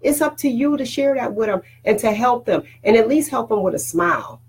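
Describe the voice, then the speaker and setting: A woman's voice: a little high, animated, brisk, slightly rough, poor audio. A woman hosting a casual motivational talk to her viewers, preachy and conversational, often checking in with "all right?". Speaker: host.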